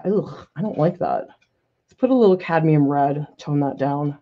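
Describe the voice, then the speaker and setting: A woman's voice: sits low, animated, unhurried, mellow. Chatty woman art teacher, lo-fi sound. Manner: casual, self-critical thinking aloud, laughs often. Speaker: art professor. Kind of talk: live painting demonstration with chat questions. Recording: slightly dull lo-fi sound.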